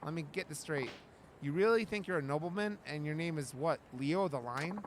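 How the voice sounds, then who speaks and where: A man voicing a weary, sarcastic male game hero who mocks and sighs in a lowered voice. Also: moderate pace, noisy background, close to an everyday voice. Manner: dry, mocking, exasperated.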